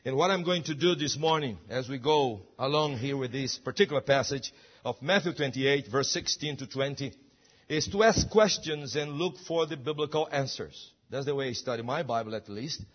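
A man's voice: mid-range voice, normal speed, muffled recording. A man preaching a sermon, emphatic and full of rhetorical questions. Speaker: pastor.

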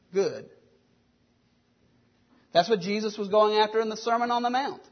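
Husky high-voiced man preaching. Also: muffled recording. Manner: earnest preaching with rhetorical questions. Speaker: pastor. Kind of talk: sermon.

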